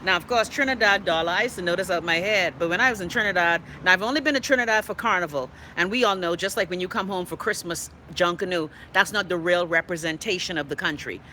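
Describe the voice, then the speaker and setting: A middle-aged Bahamian woman hosts a live stream, reacting to viewer comments in a blunt, emphatic and profane way. Her voice is bright and forceful. Faint traffic noise sits in the background. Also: fairly low pitch, fast, hardly any pauses. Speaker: host.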